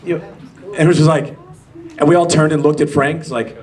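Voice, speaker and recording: A man's voice: a little high, fairly even intonation, fairly quick, darkish tone. A male voice actor telling a story on a convention panel, rambling and laughing, with lots of fillers. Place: convention panel room with audience. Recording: crowd noise in a panel hall.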